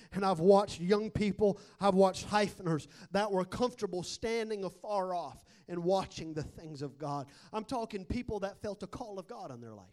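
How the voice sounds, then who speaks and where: Preacher guy with a high voice, sermon storytelling that climbs into shouting.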